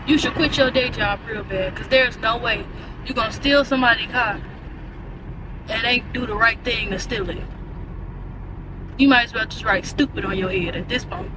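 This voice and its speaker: A young woman vlogging in her car, ranting in an animated, exasperated way with lots of slang. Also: fairly high pitch, far from the mic, noisy background. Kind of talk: casual chat.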